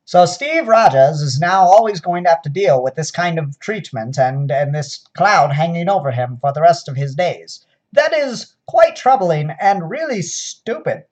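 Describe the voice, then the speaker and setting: A man's voice: fairly high pitch, animated, a little slow, darkish tone. A man doing an impression of a 1940s American president, with an old-fashioned patrician accent and a pompous, declaiming manner in a mock old-time radio speech. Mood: solemn. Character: 1940s presidential orator impression, grand, solemn.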